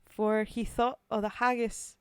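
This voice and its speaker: A woman reading a war poem aloud in a put-on Scottish accent, loud and dramatic. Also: a little high, level tone, measured pace, clear, resonant tone, dry recording, natural voice. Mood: rousing. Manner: loud, rolling, dramatic recitation.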